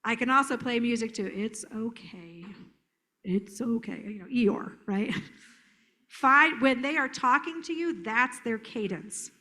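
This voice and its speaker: A middle-aged woman therapist giving a playful, lively workshop talk at a conference, acting out children's voices as she explains. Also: on the high side, unhurried. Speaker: trauma therapist presenter. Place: conference hall.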